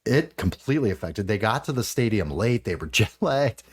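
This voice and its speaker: A man hosting a fantasy football podcast, talking in animated, rambling casual chat with the odd swear. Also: lowish voice, moderate pace, slight background noise.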